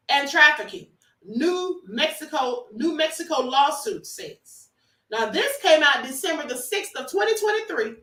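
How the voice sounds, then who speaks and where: Bright high-voiced woman streaming commentary. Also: expressive, moderate pace, recorded from a distance. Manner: emphatic, talks to viewers as honey. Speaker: livestream host. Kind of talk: casual commentary livestream. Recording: roomy echo, off-mic.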